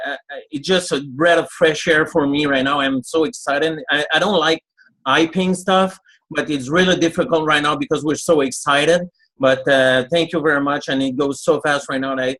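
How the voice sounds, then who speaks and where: A man's voice: mid-range voice, a bit bright, low-quality recording. Eager man with a French Canadian accent. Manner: grateful, eager, halting English. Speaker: panel guest. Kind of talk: webinar talk.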